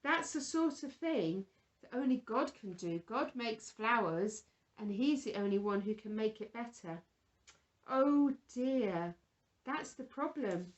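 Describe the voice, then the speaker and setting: A woman leads a Bible lesson for small children and chats with a puppet friend. Her voice sits high and swoops up and down, and she takes her time over each word, in the soft, exaggerated manner of someone talking to toddlers. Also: expressive, slow pace. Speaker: children's church presenter.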